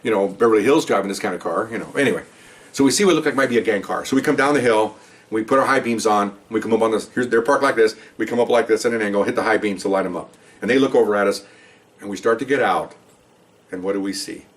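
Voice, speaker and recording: A retired police officer, now older, recounts stories in a casual, conversational monologue, with frequent "okay?" check-ins and acted-out dialogue. His voice is on the low side and fast, captured far from the mic.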